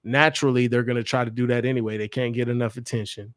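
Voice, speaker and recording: A young man who works as a dating coach, talking to his viewers in a casual livestream, blunt and profane and quick to laugh. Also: medium pitch, level tone, no room sound, clean studio sound. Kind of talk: casual livestream chat to camera.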